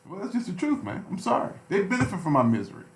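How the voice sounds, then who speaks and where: A man holds forth on talk radio in an impassioned, preachy way. He hammers points home by repeating phrases. His slightly high voice swings widely in pitch. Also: huge pitch swings, fast, roomy sound, slight background noise. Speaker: radio show co-host. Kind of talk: heated talk radio discussion.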